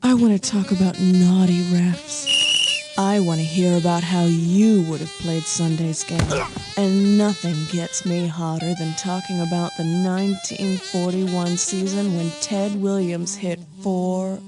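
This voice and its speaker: A woman's voice: on the low side, fairly even intonation, a little slow, lightly acted. Candy, a woman doing a sultry hotline flirt. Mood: flirty. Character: sultry adult woman on a sports chat hotline. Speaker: commercial character. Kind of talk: parody radio ad. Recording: music bed behind the voice.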